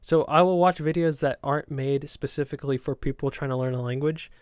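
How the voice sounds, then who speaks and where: A man's voice: fairly high pitch, fairly even intonation, a little fast, smooth, no echo. Young man, light Southern lilt, dry close mic. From Southern United States. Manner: chatty, meandering, self-correcting. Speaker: podcast host. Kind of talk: casual rambling podcast chat.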